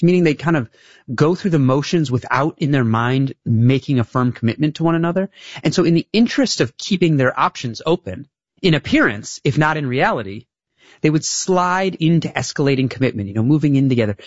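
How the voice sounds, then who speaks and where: A man talking as a guest author in an interview, explaining things carefully and sometimes restarting his sentences. His voice sounds slightly muffled and dull. The room sounds dry, with no echo. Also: medium pitch. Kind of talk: interview conversation.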